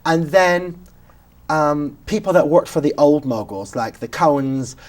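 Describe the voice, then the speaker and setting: A man's voice: a little high, measured pace. A British man hosting a talk show, telling anecdotes in casual chat and acting out the lines of the people he quotes. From Britain. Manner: animated storyteller who acts out quotes.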